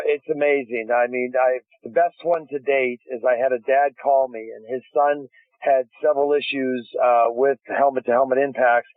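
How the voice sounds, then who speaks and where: A man's voice: medium pitch, no room sound. A man, a guest inventor on a phone interview, telling stories eagerly with frequent restarts. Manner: enthusiastic storytelling with many restarts. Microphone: phone call. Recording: dry tinny phone line.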